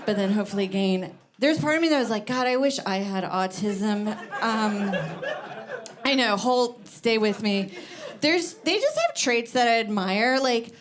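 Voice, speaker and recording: A woman doing a stand-up comedy set, chatty and full of fillers, chuckling at her own jokes and a little out of breath. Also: mid-range voice. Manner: conversational, many "like" fillers, laughs at own jokes. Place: comedy club stage with live audience. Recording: live crowd audible. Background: audience laughter.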